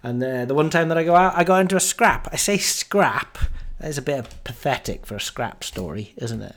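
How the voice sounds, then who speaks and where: A man's voice: medium pitch, normal speed, fairly bright tone. A man in his forties hosting a podcast, telling a story about a night out in a casual, self-mocking way. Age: 40s. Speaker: podcast host.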